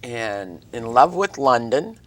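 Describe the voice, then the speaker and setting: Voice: mid-range voice, sing-song, slow pace. A talk show host asking friendly, rambling questions in a studio interview.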